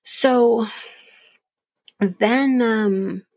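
Gravelly, husky woman ranting a recap. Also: fairly high pitch, very slow, a little mellow, no room sound. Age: early 30s. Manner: blunt, profane, opinionated. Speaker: podcast host. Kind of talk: casual reality-TV recap.

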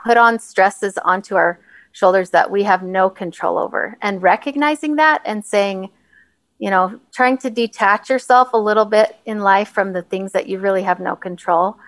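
A woman's voice: mid-range voice, normal speed, a bit bright, dry recording. A woman in a mid-range voice talks through stress relief on a casual podcast. She is chatty and laughs easily. The mic is close and the sound is dry, with no room around it. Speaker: podcast co-host, health coach.

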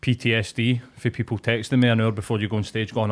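A man's voice: fairly low pitch, flat delivery, quick pace. A man with a Glaswegian accent co-hosting a podcast, trading wry banter. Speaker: podcast co-host. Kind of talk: casual chat.

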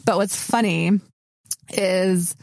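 A young woman co-hosting a podcast, telling stories in a chatty, animated way with frequent laughs. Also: mid-range voice, slow pace, vocal fry, no room sound. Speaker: podcast co-host. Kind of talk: casual chat.

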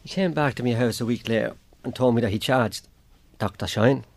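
A man's voice: medium pitch, brisk, vocal fry, darkish tone. An Irish man giving a plain spoken account as an interview guest, acting out what others said to him. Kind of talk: personal account in a radio interview.

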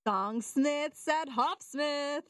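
A woman's voice: high voice, extremely slow, fairly bright tone, dry recording, studio quality, far from the mic. A woman guest who hosts a music night, giving cheerful short answers in a casual chat. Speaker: host of a live music night.

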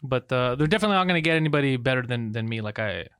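A man co-hosting a podcast, telling stories fast with lots of swearing and quoted asides. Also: medium pitch, expressive, a bit bright, smooth, dry recording, clean studio sound. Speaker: podcast co-host. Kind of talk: casual podcast chat.

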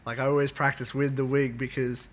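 A man's voice: medium pitch, flat delivery, a little fast. A man as a guest in a casual podcast chat, easygoing and full of likes and ums. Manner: easygoing, uses 'like' and 'um' often.

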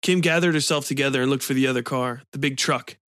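Man reading dark fiction, steady and measured, dry close sound. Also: medium pitch, dry recording. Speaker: narrator.

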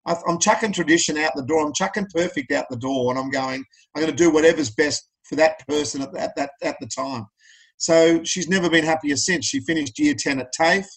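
A man's voice: fairly high pitch, brisk, slightly rough, rough recording. A middle-aged Australian man speaking as a podcast guest, telling personal stories in an earnest, plain-spoken way. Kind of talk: candid interview talk.

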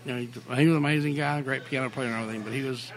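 A middle-aged man, a songwriter guest, telling career stories in a casual interview, animated, rambling and full of swearing. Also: medium pitch, racing, crowd noise. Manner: animated, profane, rambling storyteller.

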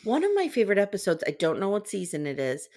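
Lively woman hosting a casual recap chat. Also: mid-range voice, fast. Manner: animated, laughs often. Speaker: podcast host.

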